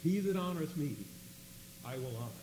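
A man telling a story in a sermon, swinging between loud emphatic bursts and quiet asides. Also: a little high, animated, brisk. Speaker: preacher. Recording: long hall reverb with faint hum.

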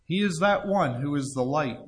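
Male preacher, slightly raised pitch; earnest, pleading sermon delivery with scripture readings. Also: lively intonation, normal speed. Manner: earnest pleading, reads scripture aloud in old-fashioned wording. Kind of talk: evangelistic sermon.

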